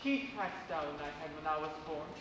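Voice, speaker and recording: A man's voice: a little high, lively intonation, fairly quick, noisy background, close to an everyday voice. A man playing a doomed, pious king on stage, delivering a solemn prophecy in verse, recorded from far off in an echoey theatre. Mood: prophetic. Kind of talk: stage acting of verse drama.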